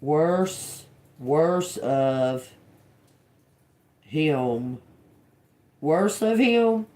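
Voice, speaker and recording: A woman doing a live-stream tarot reading, musing slowly and repeating words as she reads them out, casual and given to swearing and laughing with viewers. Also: low-pitched, lively intonation, warm tone. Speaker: tarot reader.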